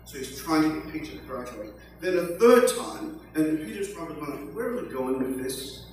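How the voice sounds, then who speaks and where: An older man preaching a sermon, slow and emphatic, with joking asides. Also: on the high side, very animated, darkish tone, a little hiss or hum. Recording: echoey hall from far off.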